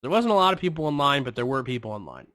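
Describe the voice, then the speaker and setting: A man's voice: medium pitch, sing-song, racing, fairly bright tone, no room sound. A man co-hosting a podcast, telling a rambling, profane story in casual chat. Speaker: podcast co-host.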